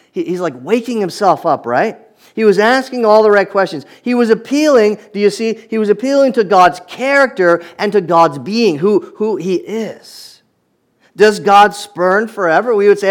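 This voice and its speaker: A man's voice: high-pitched, expressive, normal speed. A man preaching a sermon, reading scripture aloud and reflecting on it in an earnest manner, often repeating words as he restarts.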